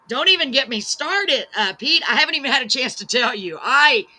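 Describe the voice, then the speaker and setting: A woman hosts a live-streamed chat show, bubbly and effusive as she reads out comments. Her voice is very bright and sharp, and she pokes fun at herself. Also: high voice, lively intonation, a little fast. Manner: bubbly, gushing, self-deprecating. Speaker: talk show host.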